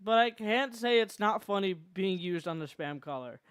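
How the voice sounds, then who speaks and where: A streamer chatting casually while drawing, telling animated stories and laughing often. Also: medium pitch, moderate pace, clean tone.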